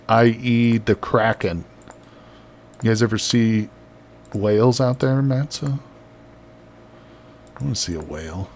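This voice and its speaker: A man's voice: fairly low pitch, a little mellow, slight background noise. A man chatting casually on a live game stream, reading out viewer messages and laughing often. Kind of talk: casual live-stream chat while building.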